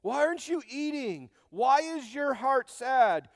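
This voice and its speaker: A man's voice: very high voice, animated, unhurried, no echo, studio quality, pitched above the performer's own voice, exaggerated voice. A man voicing a clueless, self-centered husband in a sermon, asking whiny, incredulous questions. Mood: exasperated.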